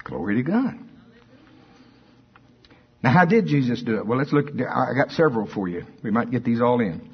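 A man preaching a sermon, moving between quiet asides and loud, emphatic declarations. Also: medium pitch, fast talker, slightly rough. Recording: dull lo-fi church recording.

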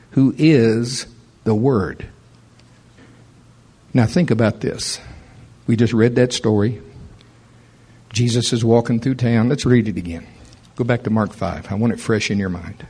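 Pastor, man, mid-range husky voice, conversational sermon delivery. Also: medium pitch. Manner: conversational preaching, rising animated toward the end.

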